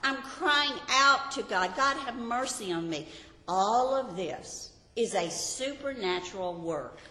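A woman's voice: mid-range voice, bright, forceful tone. A woman teaching a Bible lesson to a group, earnest and often asking her listeners rhetorical questions. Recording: roomy hall reverb.

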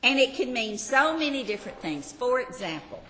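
A woman's voice: a little high, sing-song, normal speed, sharp tone, big-room sound, slight background noise. An older woman, teaching a Sunday school Bible class in a chatty, self-deprecating, homey way.

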